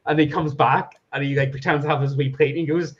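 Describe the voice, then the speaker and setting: A man's voice: a little high, flat delivery, quick pace, lo-fi sound. A man chatting casually, rambling, laughing often and swearing as he talks. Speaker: podcast guest. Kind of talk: casual chat.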